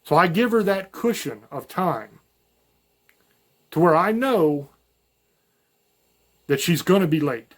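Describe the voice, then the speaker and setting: Folksy man, higher-pitched voice. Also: very animated, takes it slowly, long pauses, fairly bright tone. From rural Virginia mountains. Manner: folksy, rambling, storytelling with self-quoted asides. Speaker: podcast host. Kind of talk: casual spoken monologue.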